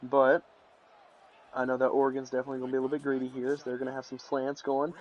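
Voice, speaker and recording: A man's voice: mid-range voice, racing, dull audio. Rambling young male game commentator. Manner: rambling, restarts, bursts of excitement on big plays. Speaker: play-by-play commentator. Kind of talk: casual video game commentary.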